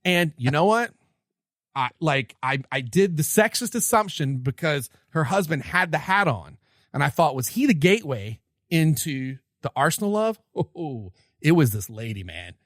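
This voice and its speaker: A man tells a story on his podcast in a fast-rising, excited way, tripping over his words and restarting often. His voice sits a bit high for a man. The sound is close and dry. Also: dry recording. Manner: excited, animated telling with many restarts. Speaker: podcast co-host. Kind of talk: casual storytelling chat.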